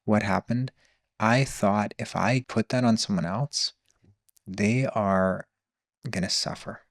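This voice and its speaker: A man's voice: on the low side, dry recording, clean studio sound. A man telling his personal story as a podcast guest, earnest and searching. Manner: earnest, open, slow and searching.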